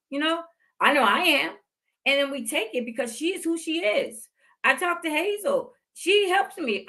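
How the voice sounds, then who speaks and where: This fifties-aged woman hosting a podcast has a high-pitched, bright voice with a forceful tone. Her heartfelt, motivational talk on faith leans on repeated phrases for emphasis.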